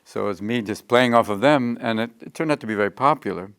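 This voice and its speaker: A middle-aged man being interviewed, telling animated stories and jumping into quick voices. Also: medium pitch, clear, resonant tone, dry recording, studio quality. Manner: animated, slips into quick character voices mid-story. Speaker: interview guest, comedian. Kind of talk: anecdotal interview storytelling.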